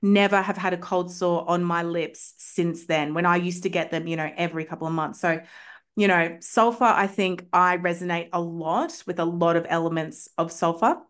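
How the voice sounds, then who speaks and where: A woman's voice: on the low side, fairly even intonation, moderate pace, a bit bright. A woman homeopath telling personal stories as a podcast guest, enthusiastic and chatty, with lots of filler words. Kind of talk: casual storytelling in a podcast interview.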